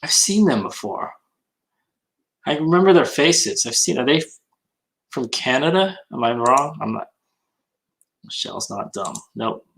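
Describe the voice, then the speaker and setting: A man's voice: mid-range voice, very animated, unhurried, gravelly, long pauses, fairly bright tone, rough recording. A man on a casual livestream hangout, chatting and reading comments while he works, often muttering to himself.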